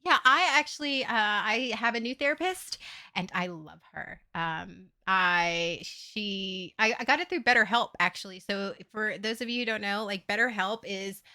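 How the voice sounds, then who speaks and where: A woman streamer talking candidly to her viewers in a casual livestream chat, swearing freely and getting animated as she tells her story. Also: mid-range voice, moderate pace.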